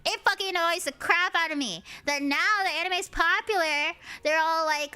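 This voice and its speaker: High cutesy-voiced young woman streamer. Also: moderate pace, few pauses. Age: early 20s. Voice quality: high, cutesy anime-girl-like voice. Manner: animated ranting with frequent swearing. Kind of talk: casual gaming stream chatter.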